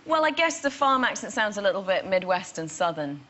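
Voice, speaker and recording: A woman's voice: mid-range voice, fairly quick, slight background noise. A young woman from England, a talk show guest, chatting and telling anecdotes animatedly. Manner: bright, animated storyteller.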